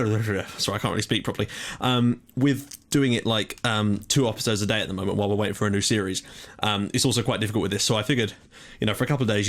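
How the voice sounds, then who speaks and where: Young male gaming host, rapid rambling commentary, slightly breathless. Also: lowish voice, a bit bright. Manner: rambling, self-correcting. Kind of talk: casual gameplay commentary.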